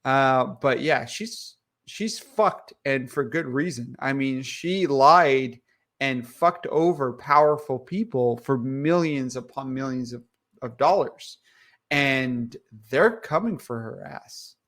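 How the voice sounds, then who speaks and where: A man's voice: medium pitch, a bit bright. A man co-hosting a casual podcast, joking, swearing and laughing easily. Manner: joking, profane, quick to laugh. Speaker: podcast co-host.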